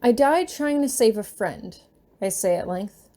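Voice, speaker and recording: A woman reading her fan fiction aloud in a gentle, unhurried storytelling manner. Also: on the high side, expressive.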